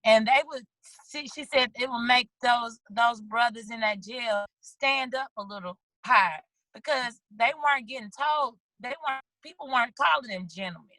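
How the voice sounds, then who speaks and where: Bright-voiced woman on a video call. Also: a little high, normal speed, no room sound, poor audio. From St. Louis, USA. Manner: animated storytelling, acts out little quoted lines. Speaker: guest, children's book author. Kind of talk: casual video-call interview.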